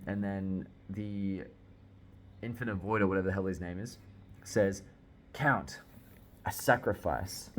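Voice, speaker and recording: Talking through a manga chapter, a reviewer with a deep, low, slightly mellow voice reacts casually and loosely. He gets fired up easily and curses freely, with a faint hiss or hum in the background.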